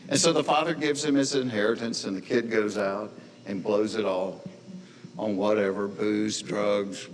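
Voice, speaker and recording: A man on stage spinning a folksy, earnest story for a live crowd. His voice rings with the long reverb of a large hall. A faint hum of noise sits under it. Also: fairly low pitch. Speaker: stand-up comedian. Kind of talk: stand-up storytelling to a live audience.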